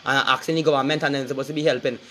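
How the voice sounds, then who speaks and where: A man's voice: medium pitch, flat delivery, very fast, a bit bright, slight background noise. A man with a Trinidadian accent delivering an angry, cursing, threatening street rant to his viewers. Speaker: online commentator.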